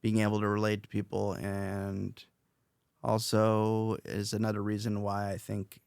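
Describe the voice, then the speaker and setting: A young man with a low, gravelly voice talks through his thoughts on a podcast. He rambles and circles back with fillers and restarts. The sound is dry and close, with little room around it. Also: monotone, a little slow, darkish tone, no echo. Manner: rambling, self-reflective, many fillers and restarts. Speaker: podcast host, interviewed as guest. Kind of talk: casual podcast chat.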